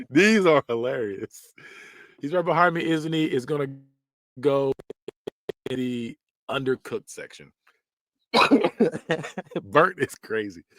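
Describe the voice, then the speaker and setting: Podcast host, male, mid-pitched, jokey reactions with frequent laughter, dry close sound. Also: takes it slowly, long pauses, no room sound. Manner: laughs often, animated and joking. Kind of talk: casual reaction commentary.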